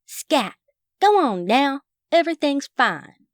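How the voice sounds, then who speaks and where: A woman reading the part of a brisk, bossy restaurant owner. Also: high voice, very animated, dry recording, clean studio sound, voice pushed up, heavily acted. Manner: brisk, shooing.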